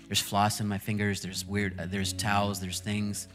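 A man's voice: lowish voice, flat delivery, moderate pace. A man in his thirties preaching a sermon in a church, chatty and laughing often, then building to fervent emphasis. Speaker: pastor. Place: church stage with live band. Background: worship music playing.

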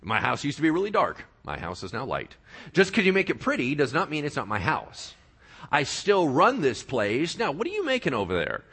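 A preacher voicing a smug, scheming male devil in a sermon skit, talking in a fast, sneering, wheedling way. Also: a little high, huge pitch swings, fairly bright tone, breathy edge, exaggerated voice. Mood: indignant.

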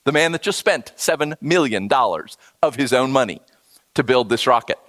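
This preacher tells his sermon stories vividly, mimicking the voices of the figures in them. He has a medium-pitched voice and a moderate pace, recorded without echo.

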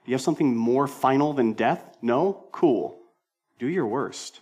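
A male senior pastor delivering a sermon in an animated, conversational way, with emphatic repetition and self-deprecating humor. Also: medium pitch, a little slow, slightly rough.

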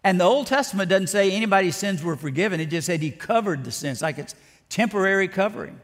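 A man's voice: high-pitched, expressive, quick pace. A man preaching a sermon with dramatic emphasis and repeated words. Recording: long reverb of a large hall.

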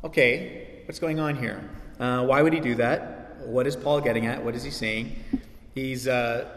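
A male pastor preaching a sermon, animated, acting out quoted voices with sarcasm. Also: mid-range voice, a little slow. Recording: echoey hall reverb.

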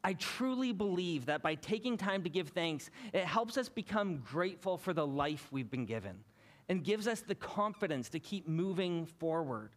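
A Canadian man in his thirties, a pastor giving a sermon in a relaxed, storytelling way. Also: high-pitched, moderate pace. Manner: conversational, anecdotal, building to a lesson.

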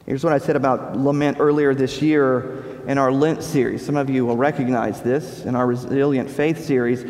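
A man's voice: a little high, darkish tone. Preaching man in a reverberant hall. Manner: preaching with dramatic pauses and rising emphasis. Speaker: pastor. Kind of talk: sermon. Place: church sanctuary. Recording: long reverb of a large hall.

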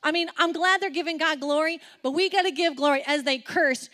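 A woman with a fairly high voice preaches a sermon. She is animated and playful, keeps putting questions to the audience, and acts out quotes with sudden leaps in pitch and loudness. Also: fairly quick, hardly any pauses. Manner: asks the audience many questions.

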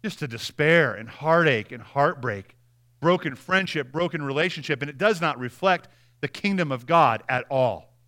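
A young man preaching a sermon in a conversational way, dropping into soft, quiet voices when acting out apologies. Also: on the high side, expressive, normal speed. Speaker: pastor.

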